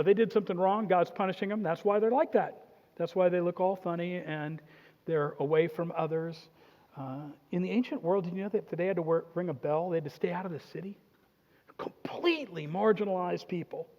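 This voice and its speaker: A high-voiced man preaching in a lively, joking way, slipping into little acted-out voices for the people in his story. His voice rings with the long reverb of a church hall, and the sound is a bit dull and muffled. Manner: animated, jokey preaching with acted-out quotes. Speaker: pastor. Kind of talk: sermon.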